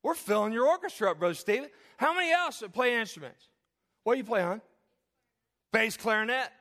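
High-voiced joking pastor in church. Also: male voice, lively intonation, a little fast. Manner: joking, calls on congregation by name; drops to soft earnest tone. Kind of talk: sermon. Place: church sanctuary.

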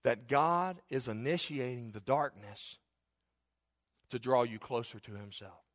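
A middle-aged male pastor preaching a sermon in a conversational way, with joking asides and loud, emphatic stretches. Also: medium pitch, a little slow.

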